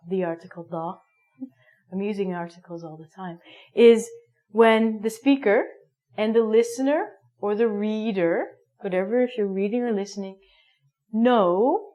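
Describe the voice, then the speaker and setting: A woman's voice: mid-range voice, measured pace, mellow. A woman teaching an English grammar lesson, playful and emphatic, acting out little everyday scenes.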